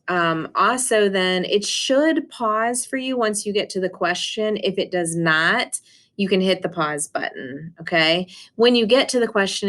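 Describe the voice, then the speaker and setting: A woman's voice: medium pitch, a bit bright. A woman teacher in a recorded class lesson, retelling a story and walking students through an online reading tool in a casual way with many fillers. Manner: casual, many ums and restarts.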